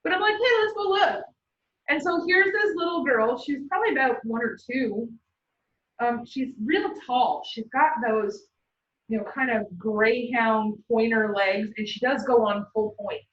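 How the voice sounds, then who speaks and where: A woman instructor giving a classroom lecture, telling personal stories in a chatty, animated way and laughing often. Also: a little high, unhurried, a little hiss or hum. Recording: roomy, dull sound from a distant mic.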